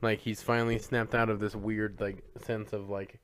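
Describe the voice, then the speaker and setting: Smooth-voiced man recapping a film. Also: fairly low pitch, level tone, moderate pace. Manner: rambling, filler-heavy retelling. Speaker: podcast co-host. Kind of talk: casual film recap chat.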